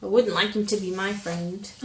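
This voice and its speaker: A woman reading a picture book aloud to a child, slowly and gently, stopping to ask him questions. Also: mid-range voice, steady tone. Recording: roomy echo, faint hum.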